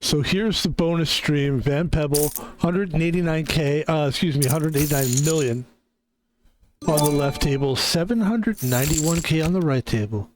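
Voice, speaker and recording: A man's voice: a little high, moderate pace, slight background noise. A man streaming a game, chatting casually in a rambling, tired way with lots of fillers. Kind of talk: casual gaming stream chat. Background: game music.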